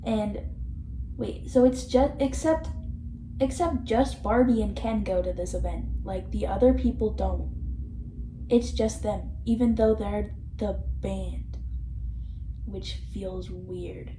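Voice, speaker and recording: A woman's voice: mid-range voice, slow pace, mellow. A young woman vlogger rambling in casual commentary, swearing, mocking and laughing often, recorded on a camera mic in a room. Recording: echoey room with faint noise.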